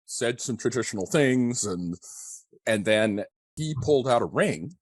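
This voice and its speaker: A man with a fairly low, husky voice tells a story in a wry, blunt way. The sound is dry and close. He speaks casually as part of a group conversation. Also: lively intonation, measured pace, no echo. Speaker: preacher.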